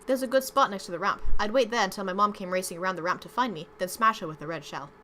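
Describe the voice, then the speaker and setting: A woman's voice: mid-range voice, fast, a little hiss or hum, lightly acted. A woman doing a curt young guy with a British accent. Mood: softening. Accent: put-on British. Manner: flat and curt. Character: aloof guarded young male student.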